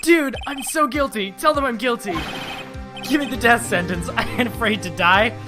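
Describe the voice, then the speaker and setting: Guy putting on a shrieky young dude, high-pitched and totally melodramatic, game music under it. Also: moderate pace. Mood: giddy. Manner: wailing, over the top. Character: panicky young man, melodramatic and despairing.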